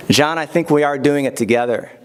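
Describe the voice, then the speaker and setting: A middle-aged man giving a heartfelt acceptance speech at an awards event. He thanks people one by one, with light asides. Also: on the high side.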